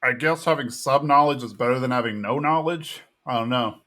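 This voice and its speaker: A man's voice: medium pitch, fairly quick, pushed and bright. A man co-hosting a podcast, recapping a TV episode in easygoing casual chat and thinking aloud as he goes. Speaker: podcast co-host.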